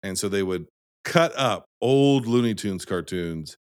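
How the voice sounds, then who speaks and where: Animated man in casual film talk. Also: lowish voice, measured pace, smooth, no room sound, clean studio sound. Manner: animated, emphatic, swears casually.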